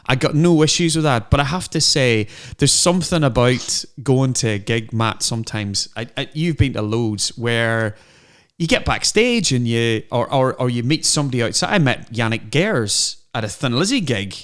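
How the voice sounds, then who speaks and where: A middle-aged man co-hosting a podcast, telling animated anecdotes in casual chat. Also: mid-range voice, normal speed. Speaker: podcast co-host.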